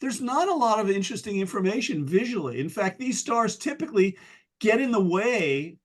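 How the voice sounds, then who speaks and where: A man's voice: sits high, very animated, moderate pace. An American man giving a casual, self-deprecating presentation to an astronomy club as a guest speaker, full of ums and restarts. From United States.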